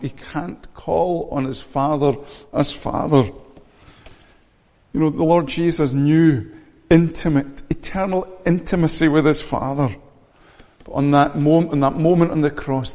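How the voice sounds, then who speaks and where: A man preaching a sermon as pastor, earnest and measured, often repeating words as he searches for them. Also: a little high, darkish tone. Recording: long reverb of a church hall.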